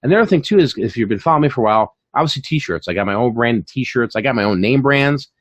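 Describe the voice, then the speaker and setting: Animated, chatty man, dry close sound. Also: medium pitch, fast talker, dry recording, dull audio. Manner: animated, chatty, full of fillers and repeats. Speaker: channel host and online reseller. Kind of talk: casual chat on a live stream.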